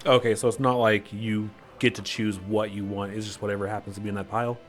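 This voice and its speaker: A man co-hosting a casual gaming chat, joking around and firing off quick follow-up questions. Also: fairly low pitch, level tone, faint music behind. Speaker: co-host. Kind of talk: casual chat about a video game.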